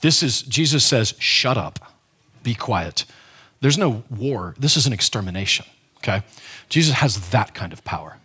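A man delivers a sermon in a relaxed, conversational way, leaning hard on key words and often restarting mid-sentence. His voice sits at an ordinary middle pitch with a slightly husky, breathy edge. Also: moderate pace. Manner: conversational, emphatic preaching with frequent restarts. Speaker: pastor.

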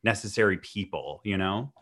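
Man, podcast host, lowish voice, chatty, casual questions, lots of fillers. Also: normal speed, fairly bright tone. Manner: chatty, lots of "like" and "you know".

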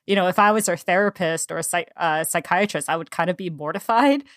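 Woman interviewer, low voice, dry close mic, thoughtful questions. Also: no room sound. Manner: thoughtful, measured questions with fillers. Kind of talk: casual interview conversation.

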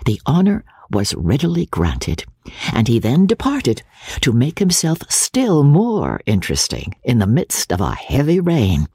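Expressive woman narrator, husky voice, dry close sound, very lively pitch. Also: dry recording. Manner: expressive, measured storytelling. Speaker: audiobook narrator. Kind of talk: scripted narration of a classic novel.

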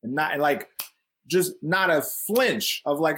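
A man's voice: fairly high pitch, lively intonation, a little slow, sharp tone, slightly rough. A man telling a story from his childhood in a casual way. He acts out the people in it, laughs often and fills his talk with "like" and "right?".

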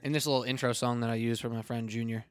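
A man's voice: mid-range voice, flat delivery, fast talker, faint music behind. A man hosting a casual sports podcast, joking and rambling with frequent restarts. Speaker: podcast host. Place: indoors at a table with a co-host.

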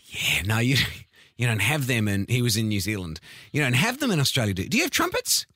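A man's voice: mid-range voice, sing-song, brisk, pushed and bright, dry recording, clean studio sound. A man co-hosting a breakfast radio show, teasing and laughing as he tells stories. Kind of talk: casual radio banter.

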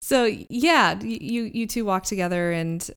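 A woman narrating as game master in a tabletop game, relaxed and storytelling with some halting restarts. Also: medium pitch, clear, resonant tone.

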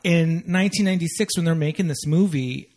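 A man's voice: a little high, brisk, darkish tone. A man co-hosting a podcast in casual chat, agreeable and chatty, with many fillers. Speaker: podcast co-host.

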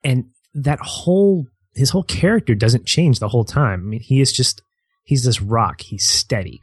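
A man's voice: mid-range voice, lively intonation, normal speed, slightly rough, no echo. A man co-hosting a casual movie discussion, thoughtfully recalling scenes at length. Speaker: podcast co-host.

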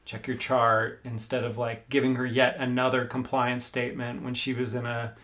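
A man's voice: medium pitch, monotone, moderate pace, fairly bright tone. A man co-hosting a parenting podcast, speaking hesitantly with frequent fillers. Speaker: podcast co-host. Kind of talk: casual parenting podcast chat.

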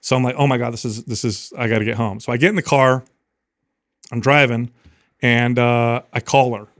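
A man co-hosting a podcast, telling a long story in a casual, animated way and acting out what people said. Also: medium pitch, normal speed, no room sound, clean studio sound. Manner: animated storyteller, acts out quotes. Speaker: podcast co-host.

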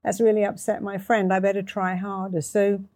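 Mellow-voiced woman host. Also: medium pitch, level tone, normal speed, dry recording. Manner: effusive, praising, explains with examples. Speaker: interview host. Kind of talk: interview conversation.

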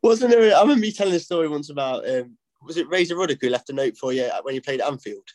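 A male host who reacts with quick enthusiasm in casual interview chat. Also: on the high side, animated, a little mellow, no room sound.

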